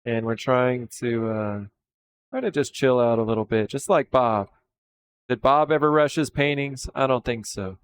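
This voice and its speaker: A man in his thirties chatting casually on a live stream, relaxed and rambling as he talks with viewers while working. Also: mid-range voice, moderate pace. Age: 30s.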